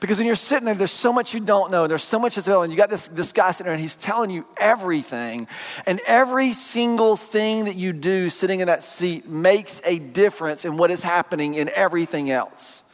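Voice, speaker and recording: A man preaching a sermon, telling a personal story in an animated, joking way to his congregation. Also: high-pitched, fairly quick. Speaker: pastor. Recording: long hall reverb.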